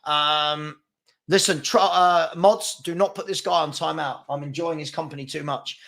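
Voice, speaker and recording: A man's voice: fairly high pitch, fairly even intonation, normal speed, creaky, bright, forceful tone. A man hosting a live fan chat show, chatty and brash as he reads comments and takes on trolls. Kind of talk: casual live-stream chat reading comments.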